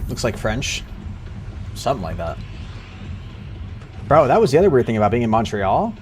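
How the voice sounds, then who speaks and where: A man's voice: mid-range voice, sing-song, normal speed, music in the background. A man streaming a game live, cracking crude jokes, laughing often and teasing his chat. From United States. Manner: joking, crude, laughs a lot, teases chat. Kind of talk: live gameplay commentary.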